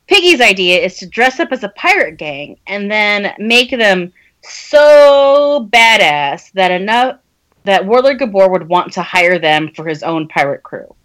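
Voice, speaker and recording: A woman's voice: mid-range voice, big pitch swings, normal speed, hardly any pauses, bright, forceful tone. A woman co-hosting a podcast, casually recapping plot and laughing often. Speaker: podcast co-host summarizing the book. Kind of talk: casual chat.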